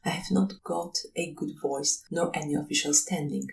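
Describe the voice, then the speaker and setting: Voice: medium pitch, moderate pace, gravelly, recorded from a distance, slight background noise, natural voice, poor audio. A reader voicing a nervous, evasive young seminary student who protests and pleads, in an audiobook reading. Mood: protesting.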